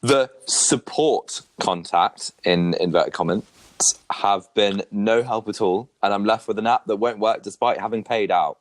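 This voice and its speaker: Chill guy, lowish voice, dry close sound, mostly agreeing and trailing off. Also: unhurried, no echo. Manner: laid-back, agreeable, trails off. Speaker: podcast co-host. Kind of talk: casual comedic chat.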